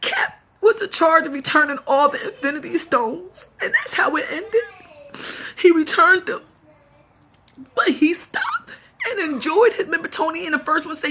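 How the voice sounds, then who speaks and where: A high-pitched woman with a bright, sharp voice gives a casual film review on her vlog. She cries as she talks, sobbing and laughing in turns. She rambles on like an excited fan. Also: moderate pace, slight background noise. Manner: tearful, talks through sobs and laughs. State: crying.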